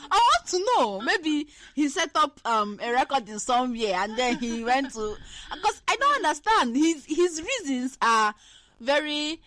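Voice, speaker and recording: A woman hosts a casual chat, her voice pitched high. She rants and teases with animated, repeated words, and her tone swings widely. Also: unhurried, dry recording. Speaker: podcast host.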